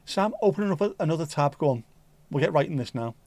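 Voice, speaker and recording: A man's voice: a little high, expressive, fast, a little mellow, dry recording. A man with a mild Scouse accent hosting a casual livestream chat, joking and rambling cheekily. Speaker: livestream host.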